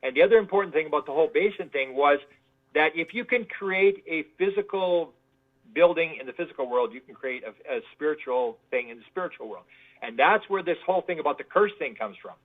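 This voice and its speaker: Over a tinny phone line, a man with an animated, slightly high voice speaks a little fast. He's a guest researcher in a casual interview, rambling through stories, repeating words often and acting out quoted voices.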